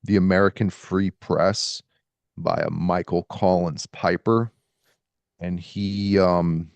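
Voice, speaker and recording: A man with a deep voice and a gravelly edge speaks on a podcast. He is recorded dry and close, and his talk is casual and halting, with pauses as he reads from his sources. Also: fairly even intonation, a little mellow, no echo, muffled recording. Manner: halting, pausing while reading from sources. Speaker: podcast host. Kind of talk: casual podcast talk, reading quotes aloud.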